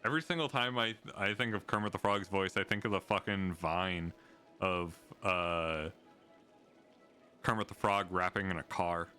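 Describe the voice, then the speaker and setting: Laid back guy chatting over a co-op game, lowish voice, bright tone. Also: moderate pace, clean tone, soft background music. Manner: laid-back, laughs often. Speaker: co-op game player. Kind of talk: casual gaming chat.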